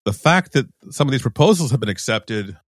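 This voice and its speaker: A man's voice: mid-range voice, expressive, a little fast, no room sound, clean studio sound. A man co-hosting a casual tech podcast, easygoing and self-deprecating, stumbling over words now and then. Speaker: podcast co-host.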